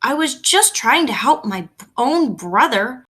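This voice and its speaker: A woman's voice: fairly high pitch, very animated, takes it slowly, pushed and bright, voice pushed up, heavily acted. A woman reading aloud, voicing an eager, impulsive boy who sounds a little whiny. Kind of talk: storybook read-aloud.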